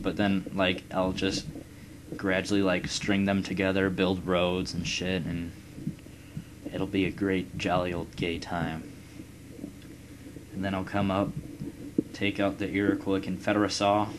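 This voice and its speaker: A young man with a very low voice muses aloud over his strategy game, rambling and swearing as he plans ahead. His desk mic picks up a loud, steady noise under his talk. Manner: rambling, profane, musing aloud. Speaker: let's play gamer. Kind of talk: casual gameplay commentary.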